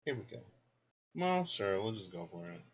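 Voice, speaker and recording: A man's voice: fairly low pitch, sing-song, normal speed. A man giving a casual card reading, chatty and thinking aloud as he goes. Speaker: card reader. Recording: dull lo-fi recording.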